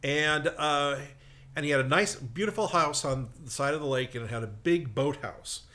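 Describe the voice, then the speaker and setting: On a comedy talk show, a man shares a long, rambling personal story in a casual, self-deprecating way. His voice is a little high, bright and forceful, and he speaks at a normal speed.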